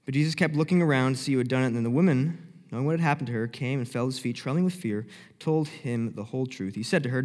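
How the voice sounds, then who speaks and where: A young man preaching a sermon, telling the story vividly and acting out the scenes, dropping from loud to hushed. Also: mid-range voice, fast talker, few pauses. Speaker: pastor. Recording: long hall reverb.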